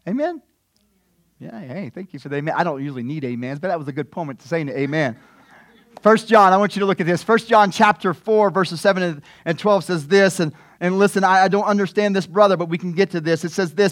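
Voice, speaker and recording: A male pastor preaching a sermon, animated and informal, often repeating words as he goes. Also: sits high, quick pace, dry recording, studio quality. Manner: animated, repeats words, acts out scripture scenes.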